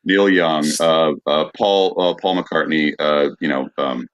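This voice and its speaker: A man hosting a podcast in a casual chat, rambling with many halting fillers. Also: extremely low pitch, clear, resonant tone. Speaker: podcast host. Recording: dull, lo-fi call audio.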